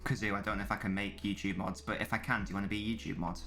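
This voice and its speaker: Speaking rapid-fire in a lowish, level, sharp-toned voice, this man hosts a live football watchalong with soft music playing underneath. His commentary is rambling and chatty, full of restarts, and he reads the chat out loud.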